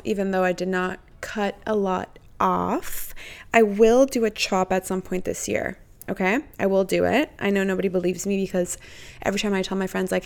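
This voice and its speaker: Chatty young woman with a creaky voice. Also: medium pitch, fairly even intonation, moderate pace. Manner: chatty, rambling, swears freely. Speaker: podcast host. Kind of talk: casual chat.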